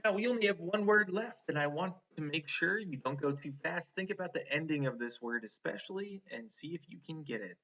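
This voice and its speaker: A man's voice: a little high, lively intonation, a little fast, few pauses, fairly bright tone, highs cut off. A man teaching a one-on-one spelling lesson, patiently sounding out words letter by letter and encouraging the student.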